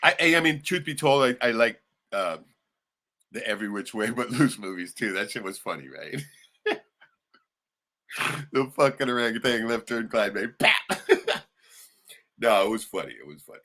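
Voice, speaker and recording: A man hosting a casual livestream, rambling and swearing often, suddenly turning loud and excited. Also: on the low side, moderate pace, long pauses. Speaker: livestream host.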